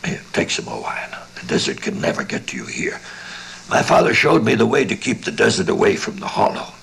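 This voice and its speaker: A cheerful, hospitable desert innkeeper who talks in a low, gravelly voice, as an audiobook reader puts him on. His talk drops often into a sinister near-whisper, and his pitch swings widely between phrases in this dramatized reading. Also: wildly swooping pitch, brisk, full character voice, rough recording. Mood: soothing. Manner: hushed, sinister musing, slips into whispers. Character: cheerful one-legged Mexican desert innkeeper, hospitable man.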